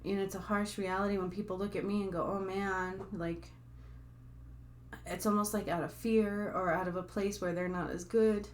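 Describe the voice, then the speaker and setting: A woman's voice: medium pitch, little pitch movement, normal speed, a little hiss or hum. A woman talking casually to her viewers as a spiritual healer, rambling and full of fillers. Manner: chatty, rambling, with frequent fillers and asides to viewers. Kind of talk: casual talk to camera.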